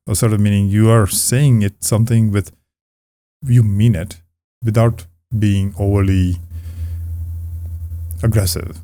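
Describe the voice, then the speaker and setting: A man coaching on communication skills, talking calmly to the camera in a relaxed, conversational way with frequent restarts. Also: lowish voice, a little slow, long pauses, no echo. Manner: calm, conversational, many restarts. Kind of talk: casual talk to camera. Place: indoors, close to camera. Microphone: camera about two arm lengths away.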